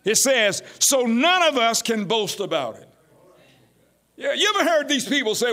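A pastor preaching a sermon, calling out to his congregation and building to shouts. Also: extremely high pitch, big pitch swings, moderate pace. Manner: call-and-response preaching, rising to shouts.

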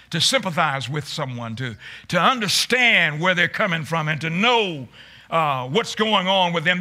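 A male pastor delivers a sermon in a high, very bright, cutting voice. He calls on his congregation to respond, stumbles over and repeats his words, and swells into shouted emphasis.

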